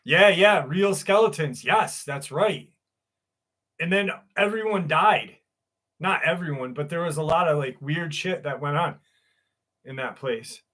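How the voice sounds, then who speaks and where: A man's voice: a little high, measured pace, bright, forceful tone. A middle-aged man hosting a casual livestream, joking and swearing freely as he chats and reads a story aloud. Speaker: host.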